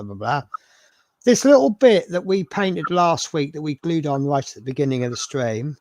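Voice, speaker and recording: A man's voice: on the high side, a little mellow, no echo. Guy chatting on his live stream, rambly and joking, dry close sound. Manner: chatty, rambling, self-mocking. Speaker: host of a live model-building stream. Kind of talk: casual live-stream chat.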